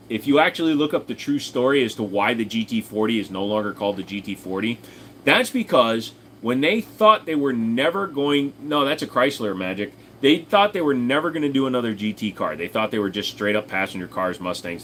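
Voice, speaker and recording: A man's voice: medium pitch, lively intonation, fairly quick, a bit bright, slight background noise. A man streaming live, chatting casually and rambling as he answers viewers, swearing freely. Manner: rambling, profane, answers chat. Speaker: streamer reading chat.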